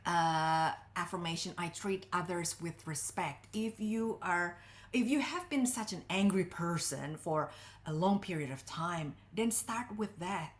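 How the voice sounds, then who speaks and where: A middle-aged woman who coaches on relationships gives heartfelt, expressive advice in an interview, taking her time. She lifts her pitch sharply for emphasis.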